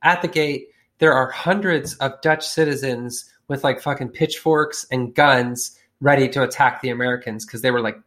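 A man spinning a comic story in loose, slangy, profane talk, with a mid-range voice. He jumps into quick voices for the people in his tale. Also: medium pitch, a bit bright. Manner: profane, slangy, acts out characters with shifting voices. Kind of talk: casual comedic storytelling.

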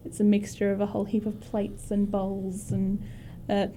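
A woman game master narrating a tabletop game in a relaxed, loose way with fillers. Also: medium pitch, moderate pace, slight background noise.

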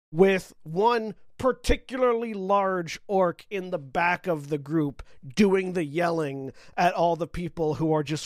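A man's voice: high voice, no echo, studio quality. Casual man running a tabletop game. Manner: casual, loose narration with fillers. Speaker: dungeon master.

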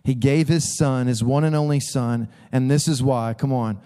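A man preaching a sermon as a pastor, conversational and animated, acting out voices as he tells stories. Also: mid-range voice, moderate pace, clean tone. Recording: long hall reverb.

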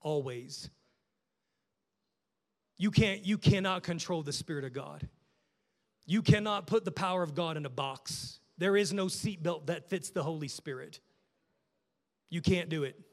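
A man with a notably high voice preaches a passionate sermon, rising to loud urging and dropping to hushed, prayerful tones. His voice rings out with a long reverb, as in a large hall. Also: measured pace, long pauses. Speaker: pastor.

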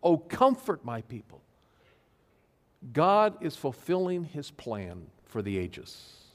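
A male pastor giving an earnest sermon to his congregation, stressing key phrases slowly. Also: fairly high pitch, big pitch swings. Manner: earnest, emphatic preaching with slow stressed phrases. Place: church sanctuary. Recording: long hall reverb.

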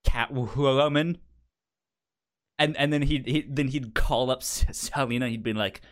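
A man's voice: mid-range voice, steady tone, unhurried. A man co-hosting a podcast in casual chat, stammering often and laughing through his stories. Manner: stammering, laughs a lot while telling stories. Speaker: podcast co-host.

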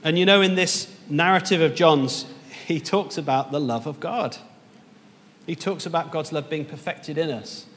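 A man's voice: on the high side, normal speed, a bit bright, long reverb tail, a little hiss or hum. A man preaching a sermon as pastor, earnest and rising to emphatic peaks.

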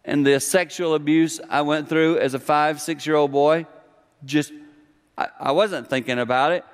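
A man's voice: a little high, steady tone, moderate pace, clean tone. A middle-aged man preaching a sermon in a conversational, emphatic way, often acting out the voices of the people he quotes. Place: church hall. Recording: long hall reverb.

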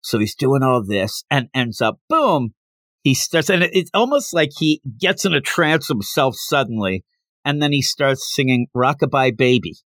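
A man hosting a podcast, casually retelling a manga chapter in an animated way and now and then slipping into character voices. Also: mid-range voice, normal speed, dry recording, clean studio sound. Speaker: podcast host.

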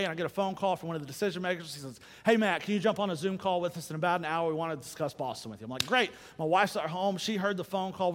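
A middle-aged man giving a church sermon, telling a personal story in an animated way and acting out the people he quotes. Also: high-pitched, long reverb tail. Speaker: speaker giving a church message.

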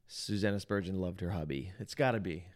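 A man's voice: deep voice, a little fast. A man hosting a faith podcast as lead pastor, opening with a scripted intro and then joking around in casual chat, often restarting his sentences. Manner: playful, jokey, trails off into restarts.

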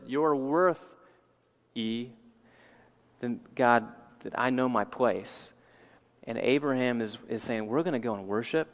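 A male pastor preaching a sermon in a church, earnest and emphatic, repeating key phrases for weight. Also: mid-range voice. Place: church sanctuary. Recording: long church hall reverb.

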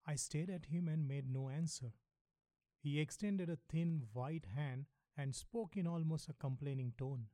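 A man reads a novel aloud in the first person, measured and matter-of-fact. His voice sits a little high but stays soft and mellow, and the recording is close and dry. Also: no room sound. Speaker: audiobook narrator.

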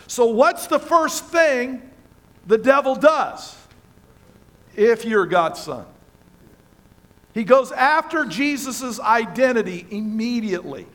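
A man with a very high, slightly bright voice preaches a sermon as pastor of a church. He is emphatic and passionate, repeating phrases for stress, with a congregation present in the sanctuary.

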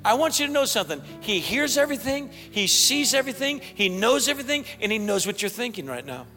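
A man preaching a sermon as pastor, excitable and bursting into shouts, in a large church hall. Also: extremely high pitch, fast, faint music behind.

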